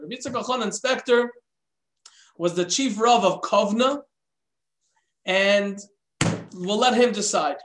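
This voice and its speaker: A man telling a religious story in an animated way, switching voices for the characters. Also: sits high, unhurried, long pauses. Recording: echoey room.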